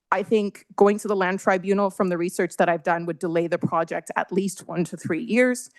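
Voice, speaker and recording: A woman's voice: lowish voice, no room sound. A woman making an earnest, emotional public comment at a council meeting, with frequent fillers. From Canada. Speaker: resident delegate at council meeting.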